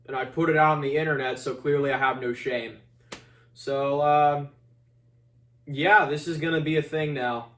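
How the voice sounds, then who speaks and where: A man's voice: medium pitch, fairly bright tone. A young man, an acting student, reading out a formal statement and then signing off in a self-deprecating, upbeat way. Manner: self-deprecating and upbeat when talking freely.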